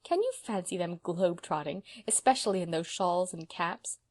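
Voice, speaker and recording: Woman reading as a gentle young college girl. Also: fairly low pitch, expressive, moderate pace. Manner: gentle and hesitant.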